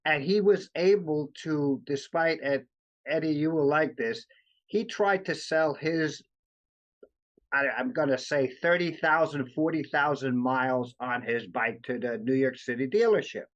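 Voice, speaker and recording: A man co-hosting a casual talk show, telling a story in halting bursts and acting out the quoted lines. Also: a little high. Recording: dull lo-fi sound.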